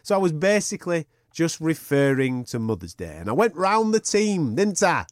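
A man's voice: fairly high pitch, very animated, normal speed, no room sound, studio quality. A man hosting a podcast, chatting casually in a jokey, teasing way and swearing freely. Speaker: podcast host. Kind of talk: casual banter.

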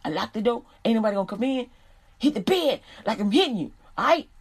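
A woman's voice: on the high side, sing-song, fast talker, breathy edge, full character voice. A woman voicing an easygoing father who talks in street slang and speaks conspiratorially to his son.

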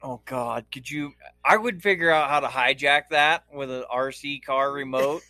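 A man's voice: mid-range voice, normal speed, pushed and bright, no echo. A man co-hosting a podcast, trading crude jokes casually and laughing often. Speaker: podcast co-host.

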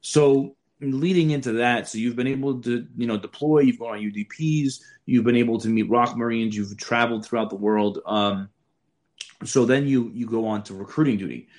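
A young man hosting a casual chat, telling stories in a loose, animated way. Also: mid-range voice, moderate pace. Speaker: podcast host.

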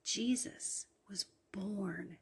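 A woman hosting a devotional podcast in a hushed late-night whisper, tired but earnest and encouraging. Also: medium pitch, very slow, creaky, breathy edge. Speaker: podcast host. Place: downstairs at home at night.

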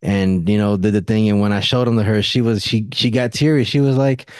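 A man hosting a podcast in casual chat, a lively storyteller who acts out what others said in a higher voice, with a relaxed, drawling way of talking. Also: fairly quick, dry recording. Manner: animated storyteller acting out quotes in a higher voice; relaxed, drawling, says don't and nothing. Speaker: podcast host.

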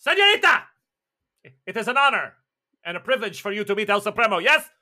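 A man voicing a short, pompous male tyrant who booms and boasts grandly. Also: big pitch swings, quick pace, sharp tone, full character voice. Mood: grandiose. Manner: booming, boastful, theatrical.

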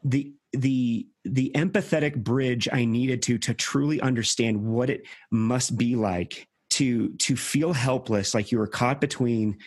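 A man hosting a reflective conversation, speaking earnestly and haltingly with many restarts. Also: mid-range voice, a little mellow, dry recording, studio quality.

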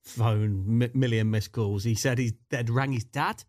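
A man's voice: medium pitch, steady tone, measured pace, a little mellow. Jokey man hosting a casual podcast. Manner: jokey, interjecting. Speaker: podcast host. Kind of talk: casual chat.

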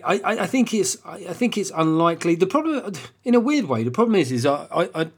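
A man from England hosting his comedy podcast alone, chatty and sweary and quick to poke fun at himself. He trips over his words at times but keeps rolling along in an even, middle-pitched voice. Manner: chatty, sweary, self-mocking, with stammered restarts. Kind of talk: casual solo podcast monologue.

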